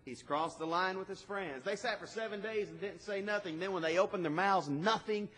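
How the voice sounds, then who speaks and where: A man preaching a sermon, swinging between loud emphatic lines and quiet passages. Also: high voice, fairly quick. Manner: dynamic preaching with swings in loudness. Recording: long hall reverb.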